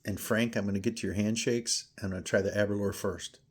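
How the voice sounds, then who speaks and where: Man, low voice, husky, casual whiskey tasting, thinks out loud. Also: fairly even intonation, fast talker. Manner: chatty, thinks aloud while tasting. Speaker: whiskey reviewer.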